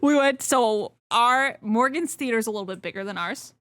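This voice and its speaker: A woman's voice: on the high side, moderate pace, fairly bright tone, no room sound. A young woman co-hosting a podcast, chatting casually, laughing often and swearing. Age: young adult. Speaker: podcast co-host. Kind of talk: casual chat.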